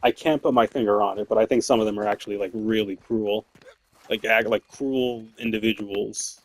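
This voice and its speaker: A young male streamer with a lowish, steady voice tells work stories at a moderate pace while gaming, with slight background noise. His storytelling is casual and rambling, full of swearing, frequent laughter, and lots of fillers.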